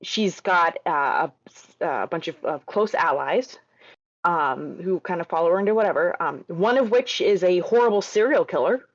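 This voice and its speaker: A woman's voice: fairly low pitch, expressive, moderate pace, no echo, muffled recording. A woman guest on a podcast, chatting casually with playful asides. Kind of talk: casual chat.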